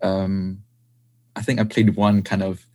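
A man's voice: low-pitched, little pitch movement, unhurried, a little mellow. A young British man chatting casually as a podcast guest, laughing often between phrases. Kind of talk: casual chat.

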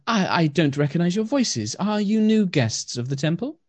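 A gentle blind wood elf priestess speaks softly and with hesitation, her voice raised well above a man's usual register, as a man puts her on. She is a tabletop game character. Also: high voice, big pitch swings, normal speed, no echo, pitched above the performer's own voice.

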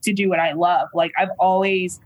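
A woman from Texas with a Southern accent, a guest chatting casually on a podcast, full of "like" and "you know" and quick to laugh. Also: fairly low pitch, flat delivery, muffled recording. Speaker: guest, professional wrestler.

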